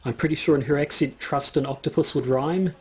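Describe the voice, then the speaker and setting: A man's voice: on the high side, fairly even intonation, brisk, a little mellow, husky. A man co-hosting a podcast, chatting casually with a rambling, hesitant way of talking, full of fillers and restarts. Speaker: podcast co-host. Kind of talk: casual chat.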